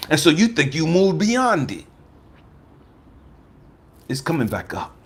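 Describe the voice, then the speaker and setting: An American man in his fifties, a life coach giving a personal testimony talk, emphatic and profane, swinging from raised outbursts to low murmurs. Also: very animated, slow, slightly rough. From United States. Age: 50s.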